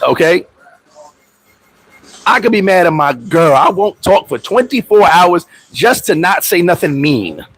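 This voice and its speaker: Animated husky-voiced man chatting on a livestream. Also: sits high, a little slow, no room sound, low-quality recording. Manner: animated, laughs often, acts out little scenes in changed voices; loose street slang and profanity. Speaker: expat vlogger and livestream host. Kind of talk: casual livestream chat.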